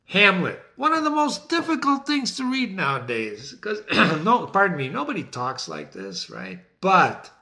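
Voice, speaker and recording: Man, middle-aged, literature host, high voice, lively swooping delivery, theatrical. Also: measured pace, few pauses. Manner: animated, theatrical, addresses viewers as ladies and gentlemen. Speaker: literature teacher and website host. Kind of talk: enthusiastic talk to camera.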